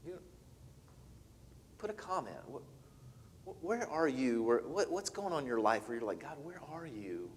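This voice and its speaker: A man's voice: mid-range voice, big pitch swings, normal speed, pauses often, slight background noise. Storytelling male pastor in a reverberant hall. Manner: dramatic storytelling, swings from loud to hushed. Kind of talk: sermon. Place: church.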